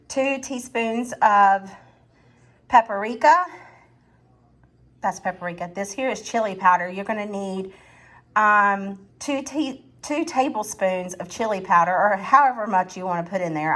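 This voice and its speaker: A woman hosts a casual cooking vlog from her home kitchen, speaking in a mid-range, slightly bright voice at an unhurried pace. Chatty and self-deprecating, the cooking channel host talks straight to her viewers. Kitchen noise comes through clearly behind her, with pots, pans and whisking.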